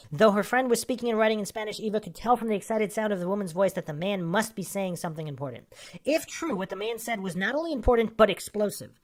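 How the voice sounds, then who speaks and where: A woman hosts a true crime podcast in a mid-pitched voice. She talks casually through the case, then reads a magazine article aloud and breaks in with short asides of her own. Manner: casual, with asides between read passages. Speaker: podcast host.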